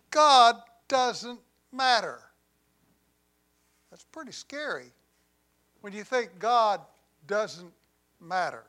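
A man delivering a sermon in a high voice at an unhurried, deliberate pace. He swings from loud emphasis down to hushed, quiet lines and slips in humorous asides along the way. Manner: deliberate preaching with dramatic swings in volume, dropping to near quiet on key lines. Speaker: pastor.

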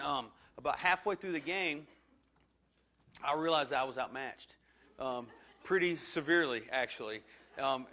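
A man's voice: on the high side, bright, forceful tone, a little hiss or hum. A man, preaching a sermon and telling a funny personal story with self-deprecating humor. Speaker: pastor.

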